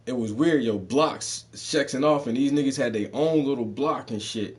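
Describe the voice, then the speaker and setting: A man in his thirties with a mixed Southern and Northern US accent, spinning stories in a loose, profane street style. He talks casually and laughs often, his voice sitting at a middling pitch. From Southern United States. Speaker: podcast host telling stories. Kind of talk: casual storytelling.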